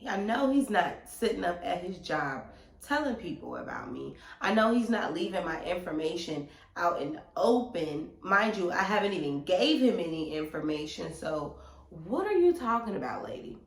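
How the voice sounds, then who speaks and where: A young woman telling a storytime to her viewers in an animated, slangy way. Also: on the low side, normal speed, reverberant. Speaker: vlogger. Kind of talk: storytime vlog.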